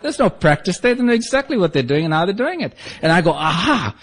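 Fast and sing-song in a high-pitched voice, this man shares his story with a support group, wryly poking fun at himself and performing the dialogue of the people involved.

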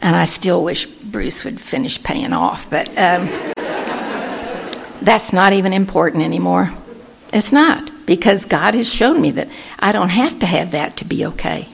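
A woman's voice: lowish voice, lively intonation, a little slow, creaky, a faint crowd, a little hiss or hum. A woman, speaking at a recovery meeting and telling her personal story in an earnest way, acting out the voices of people she quotes. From Texas. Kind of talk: personal testimony talk.

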